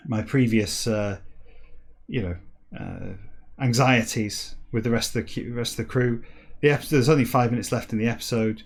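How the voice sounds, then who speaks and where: A man playing a nervous starship crewman who gives rambling, dithering orders to the computer. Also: mid-range voice.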